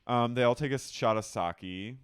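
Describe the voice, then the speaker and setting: A man co-hosting a podcast, recapping a reality show in casual chat and mimicking cast members in high, squealing voices. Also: moderate pace, smooth, no room sound, studio quality. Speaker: podcast co-host.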